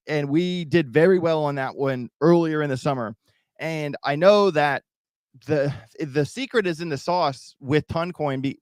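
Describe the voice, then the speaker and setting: A man with a voice on the high side hosts a crypto livestream for YouTube, chatting casually with viewers in rambling speech marked by restarts and repetition. The sound is clean and studio-grade, with no room sound.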